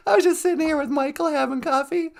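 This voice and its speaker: A playful woman joins the live stream as co-host, her high voice bubbling with giggles. She keeps the chat light and teasing. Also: fast, creaky.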